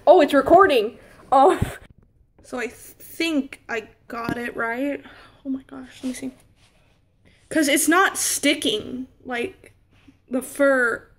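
A woman's voice: sits high, takes it slowly, pauses often. A young woman filming a crafting vlog, flustered and laughing at her own slip-ups. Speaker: crafting vlogger. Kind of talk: casual blooper vlog.

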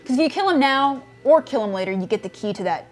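A young woman co-hosting a let's-play, explaining the game to the player in a relaxed, filler-heavy way with casual swearing. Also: high voice, quick pace, faint music behind. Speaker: co-host guiding the player.

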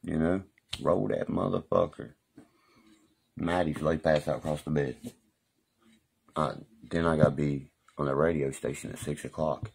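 Man, extremely deep voice, husky, profane rambling live-stream storyteller. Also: fairly even intonation, normal speed, long pauses. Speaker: livestreamer.

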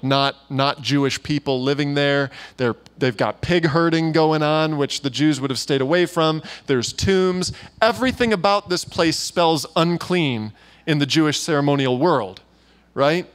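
A man's voice: on the high side, clean tone. A man preaching at a church gathering, telling stories in a chatty, informal way with many fillers and asides. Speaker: guest preacher. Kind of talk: conversational sermon with storytelling.

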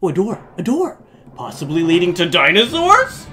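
Male let's-play host, lively swooping delivery, excitable and jokey, faint music behind. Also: sits high, moderate pace. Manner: excitable, jokey, bursts into shrieks and laughter. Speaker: gaming channel host.

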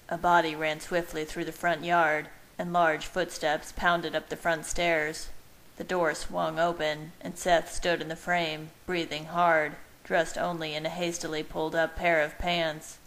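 A woman reading fan fiction aloud in a steady, even narration. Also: low-pitched, measured pace. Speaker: reader.

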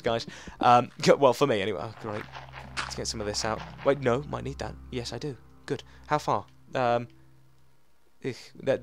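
A young man giving rambling, chatty let's play commentary to his viewers, often jumping into excited outbursts. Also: medium pitch. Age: young adult. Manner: chatty and rambling, talking to viewers while playing. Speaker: gaming channel host.

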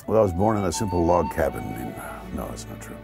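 A man's voice: sits low, big pitch swings, fast talker, gravelly, over music. A man being interviewed, telling a wry, self-mocking anecdote with jokes. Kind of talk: humorous anecdote.

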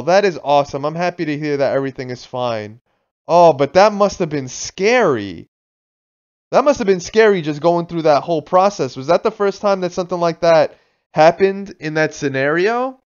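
A man from Florida plays a video game live and chats with his viewers, cursing freely and yelping when things go wrong. His voice sits a little high and swings widely in pitch. Faint music plays behind him. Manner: casual, swearing, excitable outbursts. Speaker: streamer.

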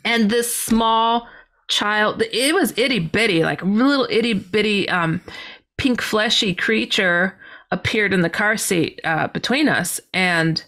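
A woman, a podcast guest, telling a personal story in an animated way, filling her speech with "you know". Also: medium pitch, takes it slowly.

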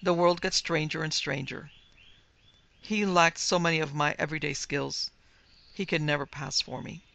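A woman narrating a first-person dark fantasy story with vivid, dramatic delivery. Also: sits low, fairly even intonation, normal speed, vocal fry. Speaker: narrator and producer.

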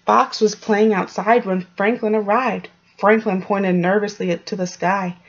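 A woman teacher reading a storybook aloud to young children, gently explaining and asking them questions, in a dull lo-fi recording. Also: mid-range voice, fairly even intonation, a little slow, a little hiss or hum.

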